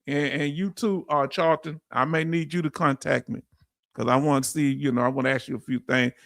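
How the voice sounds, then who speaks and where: A man's voice: a little high, steady tone, brisk, vocal fry, no room sound, studio quality. A man with a Southern accent hosting a live stream, talking casually and reading out viewers' comments, with many fillers and restarts. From Southern United States. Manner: warm, chatty, with frequent fillers and restarts. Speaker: YouTube channel host. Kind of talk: live-stream chat shout-outs.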